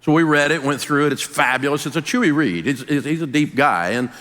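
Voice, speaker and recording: An older man with a Southern US accent giving a folksy, emphatic business talk, dropping his voice low to stress points. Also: a little fast, fairly bright tone, in a large hall. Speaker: business speaker and radio host.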